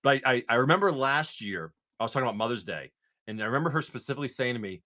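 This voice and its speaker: A man's voice: mid-range voice, animated, rapid-fire, sharp tone. A man hosting a casual livestream, rambling through stories full of "like" while opening trading cards. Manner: rambling storyteller, lots of "like".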